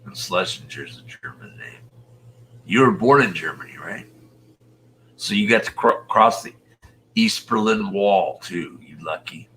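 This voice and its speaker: A man in his sixties from Utah, a show host chatting casually with viewers, rambling and muttering soft half-whispered asides. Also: lowish voice, lively intonation, a little slow, slight background noise. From Utah, USA. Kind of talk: casual livestream chat.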